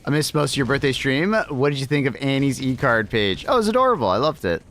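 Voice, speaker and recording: A man's voice: medium pitch, animated, fast, a bit bright, slight background noise. A man chatting casually on a game live stream, talking to his cat and swearing now and then.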